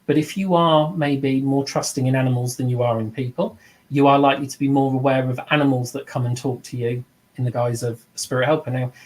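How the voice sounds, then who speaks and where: A man's voice: mid-range voice, a little mellow, low-quality recording. Earnest middle-aged man teaching. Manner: earnest, reflective, acts out quoted voices. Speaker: mediumship teacher. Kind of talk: informal spoken teaching.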